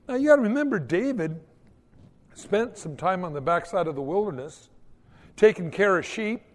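A man preaching a sermon as a pastor, telling stories in a folksy, animated way. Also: high voice, moderate pace, long reverb tail. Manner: animated, folksy storytelling with mock old-English prayers.

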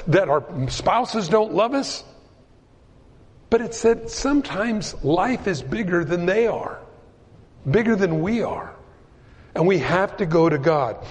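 A man's voice: high-pitched, in a large hall. A man preaching a sermon to his congregation, speaking animatedly and acting out the voices he quotes. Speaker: pastor.

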